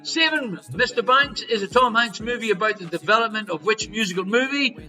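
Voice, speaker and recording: A man hosting a live-streamed online quiz from home, reading questions and answers with jokey, showy patter and sudden loud calls. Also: high-pitched, lively intonation, brisk, soft background music, poor audio. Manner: jokey, showy quizmaster patter with big swings in loudness. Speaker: quiz host.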